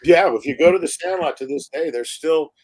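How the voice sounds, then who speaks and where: A man's voice: fairly high pitch, brisk, darkish tone. A man, a film director, telling stories in a live interview, acting out quotes and laughing often. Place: live online stream.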